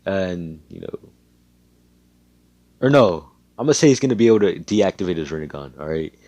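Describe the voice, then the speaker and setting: A young man with a very low voice, improvising a fan story aloud. He rambles loosely, packs in fillers and swears freely. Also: very animated, normal speed, mellow, dry recording. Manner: rambling, profane, full of fillers.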